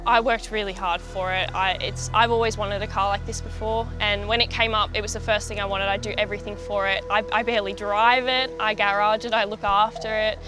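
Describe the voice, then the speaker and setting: A woman's voice: mid-range voice, flat delivery, fairly quick, few pauses, over music. A woman in her twenties speaking casually and hesitantly in an interview, upset. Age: 20s.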